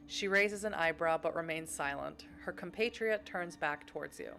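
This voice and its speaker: A woman's voice: sits low, moderate pace, gravelly, few pauses, sharp tone, faint music behind. A young woman streaming a narrative game, reading its text aloud and chatting with her viewers between passages.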